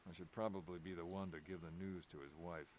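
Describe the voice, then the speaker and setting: An actor playing a calm middle-aged businessman in a video game, speaking in a measured, matter-of-fact way. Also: sits low, a little hiss or hum, lightly acted.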